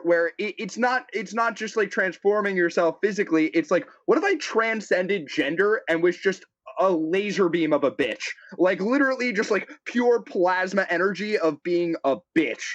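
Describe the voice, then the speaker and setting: High-voiced joking man on a lo-fi call. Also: moderate pace, few pauses, a bit bright, no room sound. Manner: joking, teasing banter. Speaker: podcast co-host. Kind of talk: casual chat. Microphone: remote call mic. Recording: lo-fi online call audio.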